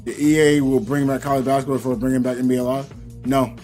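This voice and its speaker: A man's voice: medium pitch, fast, soft background music. A man streaming a game live and chatting casually with viewers. He rambles through stories with lots of fillers and restarts. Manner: animated, rambling storytelling with many fillers. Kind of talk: casual live-stream chat while gaming.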